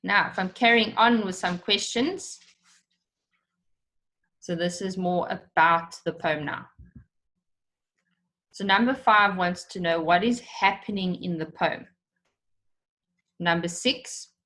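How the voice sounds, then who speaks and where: Woman teacher, lower voice, slow and patient, step-by-step lesson for kids. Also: fairly bright tone. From South Africa. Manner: patient, explains step by step, repeats questions. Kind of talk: recorded online lesson for children.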